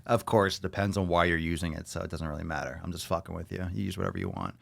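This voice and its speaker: A man's voice: sits low, fast talker, creaky, few pauses, no echo. A man hosting a solo podcast, talking loosely and profanely, joking as he rambles. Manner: loose, profane, joking, puts on silly voices. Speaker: podcast host. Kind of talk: casual solo podcast rant.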